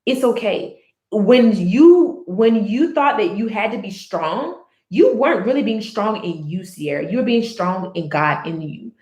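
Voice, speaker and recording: A woman's voice: medium pitch, expressive, a little slow, a little mellow. Earnest woman vlogging in an echoey room. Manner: earnest, rambling with many restarts and fillers. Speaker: book chat vlogger. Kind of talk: casual personal reflection.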